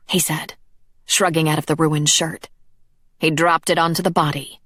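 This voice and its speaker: A woman narrating a dark fantasy audiobook in a measured, even storytelling manner. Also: sits low, no echo. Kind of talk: scripted narration.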